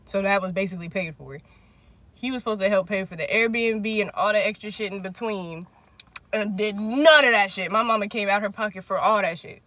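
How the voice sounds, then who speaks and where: A young man, the host, casually telling a long profane story, acting out quotes with big jumps in pitch. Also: fairly quick, bright, forceful tone. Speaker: vlog host.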